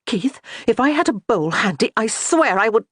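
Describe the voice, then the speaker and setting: Brief: woman reader doing a fed-up young lady of the clan, scolding and sharp, lively swings in pitch, dry close sound. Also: moderate pace, breathy edge, no room sound, full character voice. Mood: exasperated. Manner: sharp, raised, scolding delivery. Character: exasperated young noblewoman, strong-willed lady of a clan. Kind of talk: audiobook character voice.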